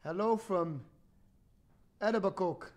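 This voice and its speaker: A man's voice: high voice, slow pace. A man, hosting a playful bedtime story livestream with jokey, teasing asides. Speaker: host reading a bedtime story. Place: home livestream.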